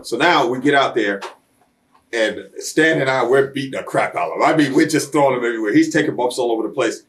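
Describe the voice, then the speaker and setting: In a sit-down shoot interview, a man tells blunt, street-smart stories at a fast clip, mimicking the lines of others as he goes. His mid-range voice is a bit bright, and there's slight background noise.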